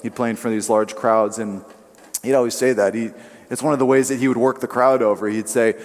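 A man's voice: medium pitch, steady tone, a little fast. A man preaching a sermon in an emphatic way, now and then acting out what others say in changing voices. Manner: emphatic, acts out quotes in shifting voices. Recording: long hall reverb.

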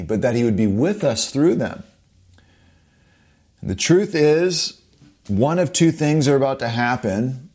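A man's voice: medium pitch, darkish tone. A man preaching a sermon with an emphatic, urgent, repetitive delivery.

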